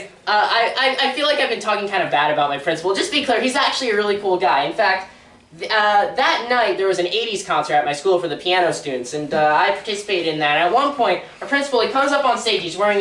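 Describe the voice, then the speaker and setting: A woman's voice: medium pitch, fairly bright tone, slight background noise. A teenage girl doing a stand-up comedy routine on a local theatre stage, rambling and self-deprecating, laughing at her own jokes. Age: teens. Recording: echoey room from far off.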